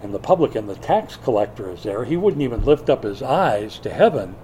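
An older man preaching a sermon in a church, swinging from loud bursts to hushed asides. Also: mid-range voice, sing-song, a little fast, a little hiss or hum. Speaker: pastor.

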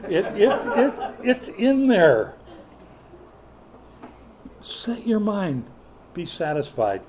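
Folksy older preacher with a mellow voice. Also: male voice, sits high, sing-song, very slow, a little hiss or hum. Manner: folksy, joking storyteller who rises to loud emphatic preaching. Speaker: pastor. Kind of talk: sermon.

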